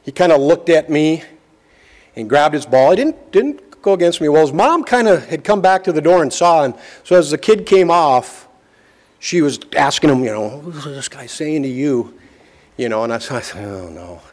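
A man's voice: on the high side, lively intonation, a little mellow. Folksy man preaching a story sermon. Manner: folksy storytelling, slow emphatic phrasing.

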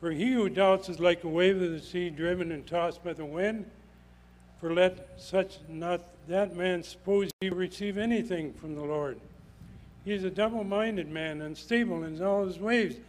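Older guy preaching, emphatic, says stuff twice, kinda high voice. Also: normal speed, a little mellow, slight background noise, rough recording. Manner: emphatic, repeats phrases for stress. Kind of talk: sermon.

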